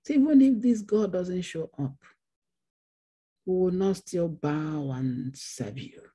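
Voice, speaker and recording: A woman's voice: lowish voice, lively intonation, takes it slowly, dark tone, breathy edge. A woman pastor preaching a Bible study sermon, repeating phrases for emphasis. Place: church.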